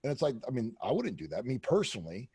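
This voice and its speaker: Husky, brash man talking frankly. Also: medium pitch, wildly swooping pitch, quick pace, mellow. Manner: brash, profane, storytelling with many fillers. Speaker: podcast guest. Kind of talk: candid casual interview talk. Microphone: close podcast mic.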